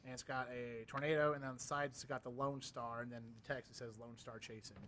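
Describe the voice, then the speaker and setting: A man's voice: mid-range voice, flat delivery, a bit bright. A young man co-hosting a weather livestream, chatting casually and joking. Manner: quick, joking banter. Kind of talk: casual chat.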